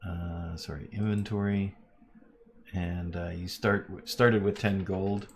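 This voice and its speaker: A man's voice: low-pitched, fairly even intonation, slow, slight background noise. A man running a tabletop role-playing game on a live stream, narrating loosely with plenty of fillers. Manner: loose, lots of fillers, laughs easily. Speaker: game master.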